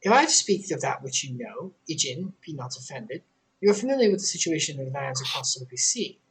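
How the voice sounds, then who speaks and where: A man voicing a calm, measured woman innkeeper in a video game, speaking formally and deliberately. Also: medium pitch, a little hiss or hum, natural voice, rough recording. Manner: formal, deliberate, softly spoken.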